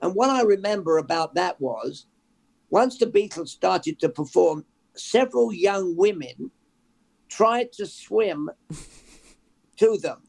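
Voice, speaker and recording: An older man from England, a journalist guest, telling stories in a lively, conversational way with many restarts. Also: sits high, slow pace, creaky, long pauses. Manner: storytelling, animated, restarts with repeated words. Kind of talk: conversational interview.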